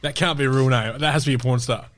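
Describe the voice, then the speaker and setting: A man co-hosting a podcast, throwing in quick joking remarks. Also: mid-range voice, fairly even intonation, no room sound, faint music behind. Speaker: podcast co-host. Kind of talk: casual banter.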